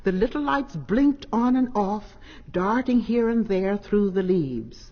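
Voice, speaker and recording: A woman narrating a children's story from a script in a slow, earnest, expressive way. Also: medium pitch. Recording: dull 1960s LP with long reverb.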